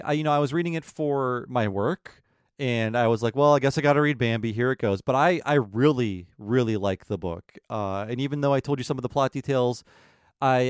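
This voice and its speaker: A man hosting a podcast, telling a story in a lively way and acting out the quotes. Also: mid-range voice, clear, resonant tone, dry recording, clean studio sound. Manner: animated storyteller, acts out quotes. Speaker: podcast host. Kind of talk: casual podcast chat.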